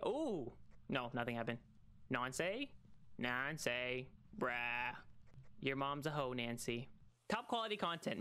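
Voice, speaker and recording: A young man streaming a solo horror game, chatting and teasing, calling out to the ghost in a singsong and bursting into high excited shouts. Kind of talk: solo gaming livestream.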